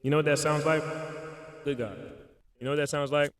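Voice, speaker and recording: A man's voice: on the high side, steady tone, fairly quick, no room sound. A man hosting a casual solo podcast, talking in slangy, joking, playful bursts as he spins an improvised spooky story into his microphone. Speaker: podcast host.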